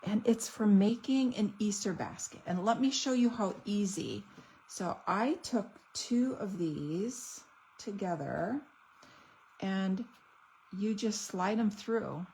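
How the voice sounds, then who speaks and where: A woman's voice: mid-range voice, animated, slow pace, warm tone, slight background noise, low-quality recording. A woman showing off craft products in a casual unboxing video, gushing and chatty. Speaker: stamping demonstrator.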